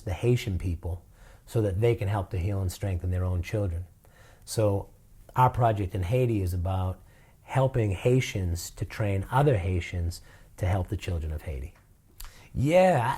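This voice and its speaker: A man talks earnestly about his work and his town, his voice low and warm. He speaks from the heart and fills his thoughts with easygoing "you know"s. The tone is sincere and personal, like a nonprofit leader being interviewed. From Boston, USA. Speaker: nonprofit director. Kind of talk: interview answers.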